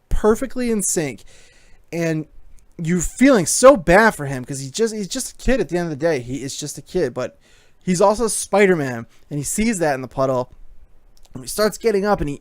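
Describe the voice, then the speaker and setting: Guy ranting happily about a movie, kinda high voice, lots of likes and you knows, dry sound. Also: no echo. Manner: excited, rambling, heavy on fillers. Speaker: movie reviewer. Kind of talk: casual movie review.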